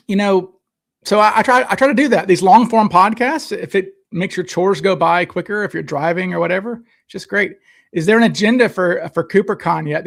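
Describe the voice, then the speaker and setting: Gravelly man rambling on a live stream. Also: high voice. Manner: casual, reads out chat comments and answers them. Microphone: desk microphone, sometimes too close.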